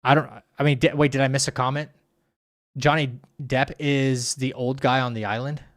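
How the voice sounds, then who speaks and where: A man's voice: mid-range voice, little pitch movement, normal speed. A man streaming and chatting casually, reacting to viewer comments and restarting his sentences often. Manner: rambling, with frequent restarts and stammers. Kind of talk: casual chat reading live chat.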